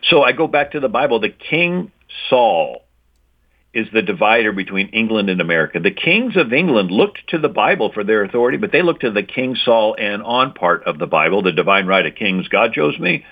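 A man's voice: lowish voice, very animated, a little fast. A man giving an emphatic talk on church history, explaining points and checking in with "right?". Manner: lecturing, repeats key points with "right?". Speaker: guest speaker on Christian history. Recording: tinny phone-like line.

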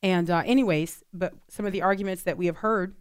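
A woman's voice: fairly low pitch, a little fast, clear, resonant tone, no echo, clean studio sound. A woman co-hosting a radio talk show, chatting earnestly with plenty of fillers. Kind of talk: casual talk radio chat.

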